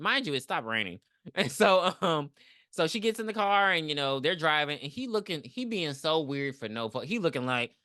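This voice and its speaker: A woman's voice: deep voice, lively intonation, fairly quick, pushed and bright, no room sound, clean studio sound. A young woman co-hosting a podcast, recapping a movie in casual chat and acting out the characters in big voices. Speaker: podcast co-host.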